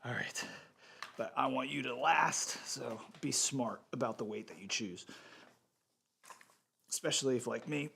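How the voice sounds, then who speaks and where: A man's voice: mid-range voice, unhurried, creaky, long pauses, a little hiss or hum. Guy with a stuffed-up nose coaching a home workout, easygoing and encouraging, mid-range voice, talks between reps. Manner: relaxed, encouraging, talks while exercising. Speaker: fitness instructor. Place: home gym in a converted bedroom.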